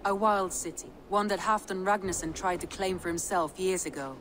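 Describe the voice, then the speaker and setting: A woman's voice: on the low side, steady tone, normal speed, a bit bright, slight background noise, lightly acted. An actress playing a composed female settlement advisor in a video game. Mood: advising.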